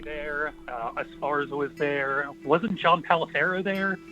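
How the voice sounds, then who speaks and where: A man's voice: a little high, measured pace, pushed and bright, lo-fi sound, faint music behind. A man co-hosting a call-in talk show over a remote call, telling rambling anecdotes full of restarts. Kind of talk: casual chat over a video call. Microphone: remote call mic.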